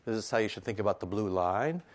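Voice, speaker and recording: A man's voice: on the low side, expressive, fast. A male pastor preaching a conversational sermon in a church, full of asides and rhetorical questions. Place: church sanctuary.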